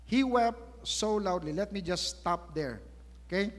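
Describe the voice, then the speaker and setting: A man's voice: sits high, expressive, measured pace. A man with a Filipino accent preaching a sermon, retelling a story with emphasis and rhetorical questions. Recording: echoey church hall.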